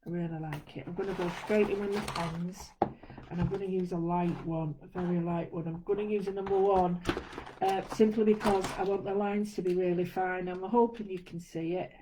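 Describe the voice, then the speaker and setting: A woman giving a casual drawing tutorial, chatting through each step as she works and often trailing off softly. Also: lowish voice, fairly even intonation, brisk, background noise. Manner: chatty, narrates her own steps as she draws. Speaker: art tutor.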